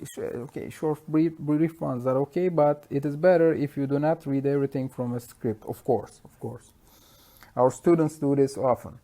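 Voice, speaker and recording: Recording his own lecture, a university lecturer with a Turkish accent talks conversationally, often using fillers and correcting himself. His voice is fairly high and a little mellow.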